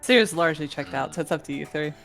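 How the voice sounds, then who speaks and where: A woman narrating her character's moves in a tabletop game, wry and matter-of-fact. Her voice is a little low, with clear music playing behind her. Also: fast talker. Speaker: player.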